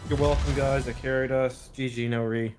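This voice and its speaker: A man hosting a gaming channel, wry and animated as he chats through a match. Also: medium pitch, normal speed, faint music behind. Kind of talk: casual gameplay chat. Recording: game noise behind voice.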